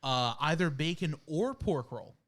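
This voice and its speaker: A man's voice: on the high side, animated, measured pace. A man co-hosting a casual podcast, speaking in an easygoing way with hesitant fillers. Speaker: podcast co-host. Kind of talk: casual chat.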